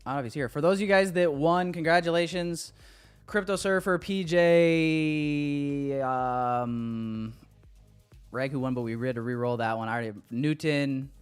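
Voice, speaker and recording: A man hosting a casual livestream, bantering excitedly with his chat and running giveaways. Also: a little high, moderate pace, clean tone, faint music behind.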